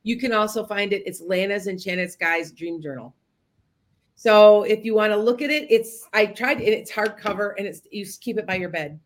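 A woman talking casually to her podcast listeners, wandering from point to point. She restarts her sentences often and keeps addressing the audience directly. Her pitch sits in an ordinary middle range. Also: normal speed. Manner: rambling, with many restarts and asides to listeners. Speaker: podcast host and psychic medium. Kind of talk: casual storytelling monologue.

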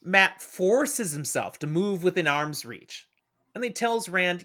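A middle-aged man recapping a story with plenty of energy, dipping in and out of the characters' voices. His tone is bright and his pitch moves a lot. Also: moderate pace. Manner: animated retelling, acting out the characters. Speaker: podcast host. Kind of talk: casual book discussion.

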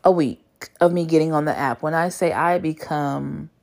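A woman in her thirties telling a story in a chatty, animated way and swearing freely. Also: low-pitched, normal speed, vocal fry. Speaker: vlogger. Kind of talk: casual storytime monologue.

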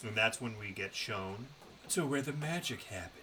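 Low-voiced, bright-toned man telling a story. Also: animated, normal speed, slight background noise, poor audio. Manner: loose, profane storytelling. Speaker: podcast co-host. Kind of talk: casual chat.

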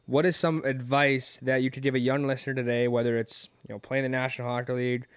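A man hosting a casual podcast interview, asking loose, relaxed questions. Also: medium pitch, fast talker, smooth, no echo, clean studio sound. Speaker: podcast host.

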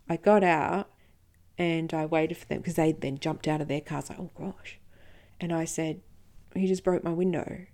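Gravelly low-voiced woman telling her story. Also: mellow. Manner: recounting events, quoting others in dialogue, occasional whispering. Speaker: podcast host. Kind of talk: personal storytelling.

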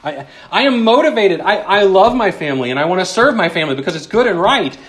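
Male pastor, slightly higher voice, earnest sermon delivery with quiet, hushed emphasis and casual asides. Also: very animated, fast talker. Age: adult, married with children. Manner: conversational asides with self-deprecating humor.

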